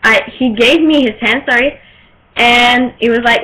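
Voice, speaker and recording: A young woman from Quebec whose first language is French speaks in a bright, fairly high voice. She rambles excitedly through a casual vlog story and keeps pausing to search for her words. The home recording is poor in quality. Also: a little hiss or hum. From Quebec, Canada.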